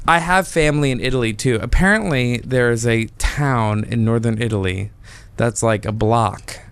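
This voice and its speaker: A man's voice: medium pitch, moderate pace, a bit bright, clean tone. A young man chatting casually as a podcast guest, rambling with fillers and restarts. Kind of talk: casual chat.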